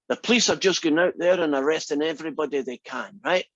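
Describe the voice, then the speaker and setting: A man's voice: a little high, fast, hardly any pauses, fairly bright tone, no room sound, dull audio. A man teaching a statistics class, reasoning aloud and asking the class many questions. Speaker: math instructor. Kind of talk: classroom lecture.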